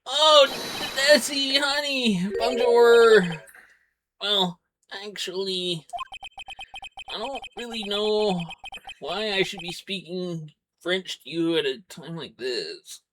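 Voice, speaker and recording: A woman voicing a nervous, excitable young male suspect in a fan dub of a video game, stammering and blurting. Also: mid-range voice, slow, background noise, natural voice. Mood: jittery. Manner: stammering, overexcited, blurts confessions. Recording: loud background music.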